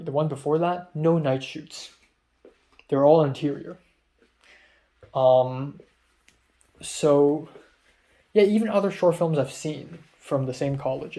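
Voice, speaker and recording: A man's voice: on the high side, warm tone. A young man who is a film student, talking in a rambling, filler-heavy vlog monologue and sounding stressed.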